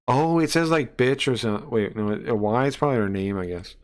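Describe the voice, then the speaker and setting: A man's voice: mid-range voice, lively intonation, a little fast. A young man streaming casual reaction commentary, brash and mocking, swearing freely and tripping over restarts and fillers.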